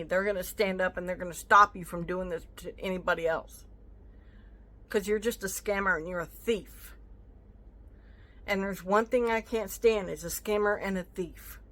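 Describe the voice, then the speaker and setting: Woman, vlogger, bright tense voice, indignant storytime rant, plays out both sides of an argument. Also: on the low side. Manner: indignant, animated retelling with acted-out quotes; rambling, stops mid-story to chat.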